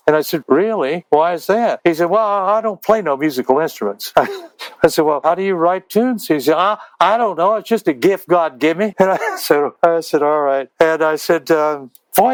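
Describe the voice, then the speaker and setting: A man's voice: on the high side, clear, resonant tone, no room sound, poor audio. An older man from Texas, a guest telling rambling stories and acting out the dialogue. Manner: rambling, acts out quoted dialogue. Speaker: interview guest. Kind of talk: anecdotal storytelling.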